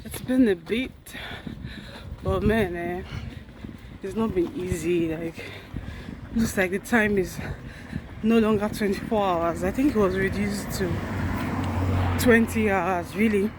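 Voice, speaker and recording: A woman's voice: medium pitch, takes it slowly, pauses often. A woman records a casual vlog as she walks toward a park, slightly out of breath. She chats in an earnest way and often stops to correct her own words. Faint outdoor noise sits under her voice. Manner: chatty, earnest, self-correcting. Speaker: vlogger.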